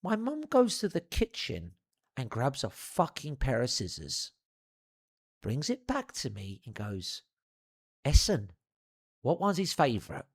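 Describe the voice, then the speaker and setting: A young man telling a funny childhood anecdote in an animated, profane, theatrical way. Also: mid-range voice, measured pace, husky. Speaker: storyteller. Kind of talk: comedic anecdote.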